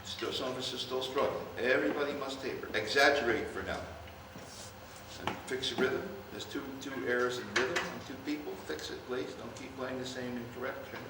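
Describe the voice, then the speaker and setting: A man conducting a wind band rehearsal, giving brisk instructions and singing phrases aloud. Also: mid-range voice. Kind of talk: rehearsal coaching. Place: rehearsal hall. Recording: echoey hall, distant mic, band playing.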